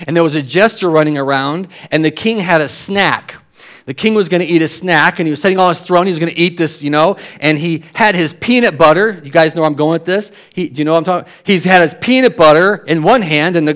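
Animated American pastor preaching. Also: male voice, fairly high pitch. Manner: animated storytelling, repeats words when building a point. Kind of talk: sermon.

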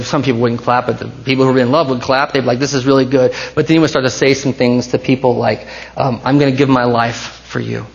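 A man preaching a sermon as pastor, swinging between hushed intensity and rising passion. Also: mid-range voice, highs cut off.

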